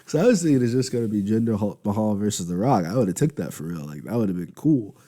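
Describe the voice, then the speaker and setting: A man's voice: lowish voice, lively intonation, a little fast, mellow. A young man hosting a casual wrestling commentary show, rambling and conversational, yawning now and then. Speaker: wrestling podcast host.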